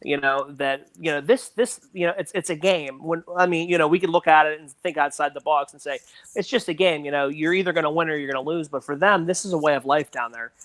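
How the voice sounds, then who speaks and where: Male podcast guest, slightly high voice, dry close sound, rambling chat. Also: fast, hardly any pauses, fairly bright tone, no echo. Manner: rambling, full of "you know" fillers. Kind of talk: casual movie discussion.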